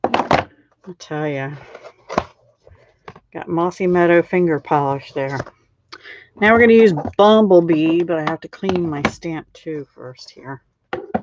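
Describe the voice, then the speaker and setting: A woman's voice: fairly low pitch, background noise. A middle-aged woman hosting a card-making live stream, chatting casually and laughing at her own slips. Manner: chatty, self-deprecating, laughs often. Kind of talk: casual crafting demo chat. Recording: dull lo-fi sound.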